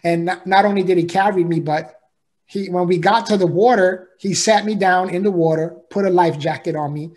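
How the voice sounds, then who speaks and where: A man's voice: high voice, fairly even intonation, normal speed, a little mellow. A man, a podcast guest, telling an emotional personal story in an earnest, heartfelt way, often repeating himself and asking "right?".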